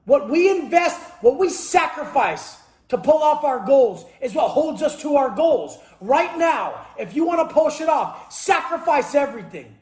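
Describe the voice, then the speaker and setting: A man with a notably high voice delivers a fierce motivational monologue in an echoey room. He swears constantly and keeps breaking into shouts, pushing every line hard. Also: lively intonation, measured pace, hardly any pauses. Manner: intense, forceful, swears constantly, bursts into shouts. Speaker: motivational speaker.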